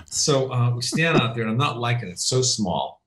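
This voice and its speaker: A male comedian chatting as a guest from home, telling animated stories and acting out the voices of the people in them. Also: mid-range voice, brisk, reverberant. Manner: animated storyteller, acts out quoted voices. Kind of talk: casual chat. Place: his home. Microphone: remote call.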